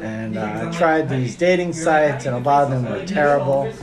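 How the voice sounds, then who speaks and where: A man's voice: mid-range voice, normal speed, music in the background. A man telling a crude comic anecdote in a rambling way full of fillers. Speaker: podcast co-host and impressionist. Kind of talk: casual storytelling.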